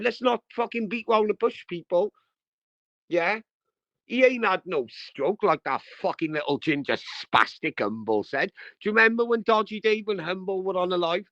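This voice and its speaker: Streamer host, male, high voice, coarse aggressive rant, dull dry audio. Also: lively intonation, moderate pace, fairly bright tone, no room sound. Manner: crude, aggressive, repetitive slang-heavy ranting. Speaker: livestream host. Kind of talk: ranting livestream commentary.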